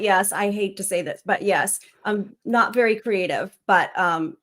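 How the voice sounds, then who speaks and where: A woman's voice: mid-range voice, unhurried, a bit bright. A middle-aged woman chatting as a guest on a livestream, rambling casually with laughs and fillers.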